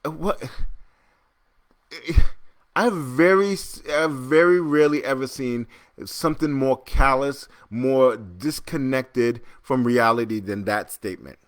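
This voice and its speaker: A man in the host's chair, venting about current events in loose, conversational commentary. He sounds incredulous and worked up, often stopping to restart his sentences. His voice sits at an ordinary middle pitch. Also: slow pace. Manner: animated, exasperated ranting with many restarts. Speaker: podcast host. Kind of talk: casual political commentary.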